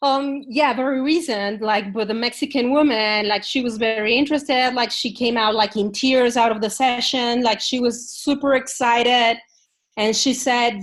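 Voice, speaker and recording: A woman on a video call asks a coaching question. Her voice sits a little high. She pauses and restarts often as she finds her words. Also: steady tone. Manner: hesitant, with fillers and restarts.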